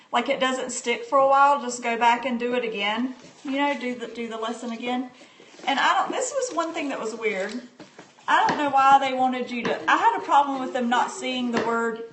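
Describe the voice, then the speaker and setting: A homeschooling mother demonstrating a reading book on a casual live stream, chatting and answering viewers' comments with plenty of fillers. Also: fairly high pitch. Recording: echoey room with faint background noise.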